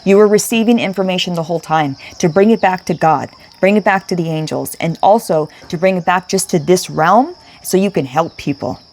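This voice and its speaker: A woman with a fairly low voice delivers an intense, repetitive tarot reading straight to her listener, swearing casually as she goes. Faint crickets and birds hum in the background. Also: brisk, hardly any pauses, a little mellow. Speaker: tarot reader. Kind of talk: spiritual tarot reading to camera.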